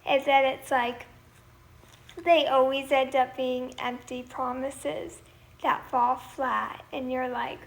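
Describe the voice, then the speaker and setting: High-voiced young woman chatting slowly on a livestream. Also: flat delivery, creaky. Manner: chatty, reads viewer comments aloud and thanks them; breaks into singing lines from her song. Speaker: singer hosting a livestream. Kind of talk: casual livestream chat.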